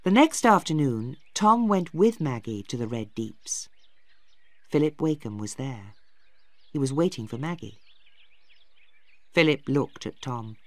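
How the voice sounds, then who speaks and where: A woman narrating a simplified story for English learners, slow, clear and expressive. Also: deep voice, no echo.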